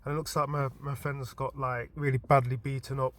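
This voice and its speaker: A man casually telling a story from his dream as a vlogger, animated and informal, often stumbling and restarting his words. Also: mid-range voice, brisk. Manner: animated retelling with frequent stammered restarts; informal and chatty.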